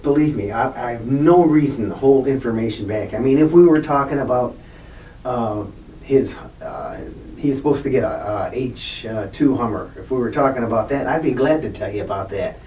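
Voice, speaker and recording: A man in his sixties answers police questions haltingly and defensively, stumbling over his words. His voice sits at an ordinary pitch in an echoey room, far from the mic, with a faint hiss behind. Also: mellow. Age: 60s. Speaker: suspect under interrogation. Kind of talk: police interrogation. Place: interrogation room.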